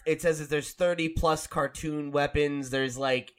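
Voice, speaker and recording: An American man hosting a video game podcast, slightly high voice. He chats loosely, stacking fillers and restarts as he riffs. Easygoing and talkative. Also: steady tone, a little slow, clear, resonant tone. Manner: rambling, lots of "like" and restarts, laughs often. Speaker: podcast host. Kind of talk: casual podcast chat.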